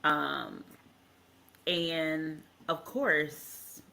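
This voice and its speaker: A podcast co-host tells a story in an easy, casual way, taking it slowly and pausing often. The voice is strikingly bright and sharp-edged. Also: mid-range voice, fairly even intonation, creaky. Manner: slow, measured storytelling with pauses. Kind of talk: casual chat.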